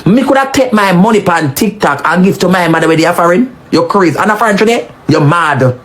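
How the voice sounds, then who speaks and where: A woman with a Jamaican accent giving animated, scolding patois commentary, swinging her pitch up and down for emphasis. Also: fairly quick. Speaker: social media commentator.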